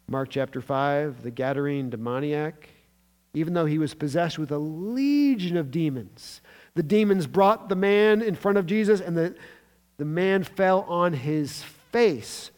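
A man preaching a sermon as pastor, swinging between hushed words and loud, raised emphasis. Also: fairly high pitch, expressive, measured pace. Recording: long hall reverb.

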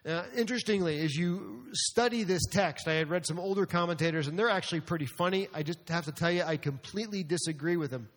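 A man with a high voice preaches to his congregation. He talks in an animated way and rises to emphatic outbursts. His voice rings with the long reverb of a church sanctuary. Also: fast talker, few pauses. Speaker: pastor. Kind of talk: sermon.

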